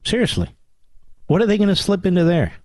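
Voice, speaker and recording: A man's voice: mid-range voice, expressive, normal speed, no echo. Talk radio guy ranting, repeats himself for punch, dry mic. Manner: indignant, emphatic, repeats lines for effect. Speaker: radio talk show host. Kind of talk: talk radio monologue and calls.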